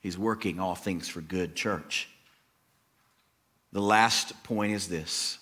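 A male pastor preaching a sermon, reading scripture and swinging between hushed, measured lines and loud, emphatic declarations. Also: medium pitch.

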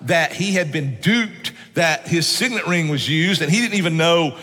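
Folksy pastor, bright voice. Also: male voice, fairly high pitch, moderate pace, in a large hall. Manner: folksy storytelling, often says "man". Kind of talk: sermon. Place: church sanctuary.

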